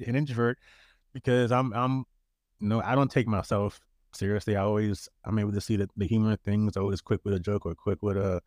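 A man's voice: lowish voice, a little mellow, no room sound, clean studio sound. A man co-hosting a podcast in a laid-back, joking way, often restarting his words. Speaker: podcast co-host. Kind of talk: casual chat.

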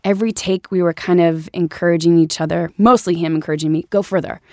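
A woman's voice: fast talker, dry recording, clean studio sound. A woman in her thirties, an actress chatting as an interview guest and acting out quoted voices as she tells stories. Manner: animated storyteller, acts out quotes in higher voices. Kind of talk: casual interview chat.

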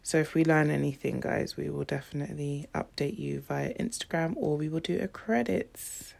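A woman's voice: sits low, moderate pace, creaky, darkish tone. A woman co-hosting a podcast in casual chat, rambling with plenty of fillers. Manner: rambling, lots of "like". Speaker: podcast co-host.

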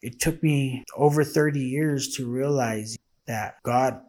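A man's voice: medium pitch, slow, a little mellow. A man telling his faith testimony in a casual, earnest and emotional way, acting out the dialogue he quotes.

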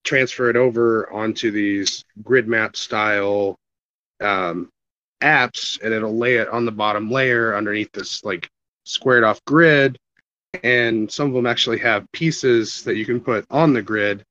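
A man joining a casual gaming podcast who talks in a hesitant, halting way. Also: on the low side, sharp tone, dry recording. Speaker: podcast guest. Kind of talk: casual chat. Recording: dull lo-fi audio.

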